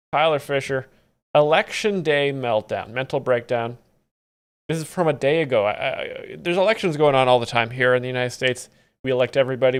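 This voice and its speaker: Deadpan man with a smooth voice. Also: mid-range voice. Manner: dry mock-expert deadpan. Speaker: streamer explaining comedy clips. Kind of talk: deadpan live-stream commentary.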